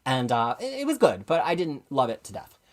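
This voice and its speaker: A woman's voice: very deep voice, sing-song, fairly quick, a little mellow. A woman hosting a live comics review stream, chatty and enthusiastic, often correcting herself as she goes.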